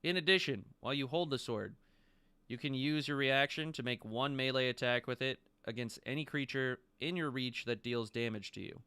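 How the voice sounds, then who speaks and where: A man's voice: mid-range voice, normal speed, pushed and bright, clear, resonant tone, no room sound. A man acting as game master, explaining rules and items in a matter-of-fact way. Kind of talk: narrating a tabletop game.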